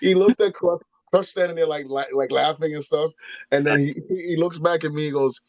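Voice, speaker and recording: A man, a guest on a wrestling talk show, telling animated stories and breaking into impressions. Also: a little high, brisk, no room sound, dull audio. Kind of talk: casual storytelling.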